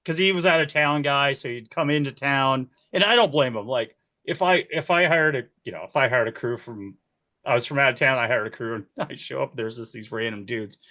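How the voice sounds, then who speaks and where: A man in his forties, a key grip, telling set stories in a casual interview, animated and quick to laugh. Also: mid-range voice, muffled recording. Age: 40s. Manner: animated, laughs often, acts out quoted voices. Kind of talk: casual storytelling.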